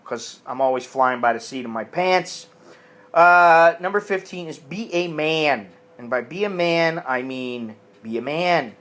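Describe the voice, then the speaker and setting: An American man delivers blunt, profane advice in a casual monologue. His pitch rises and falls all over the place, and he mocks other people's voices whenever he quotes them. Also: fairly bright tone. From United States. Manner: blunt and crude, puts on mocking voices for quotes. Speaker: vlogger giving advice.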